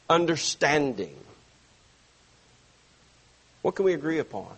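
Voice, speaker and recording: A man preaching a sermon to his church, stressing phrases slowly and dropping suddenly soft. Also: a little high, lively intonation, slightly rough. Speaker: pastor.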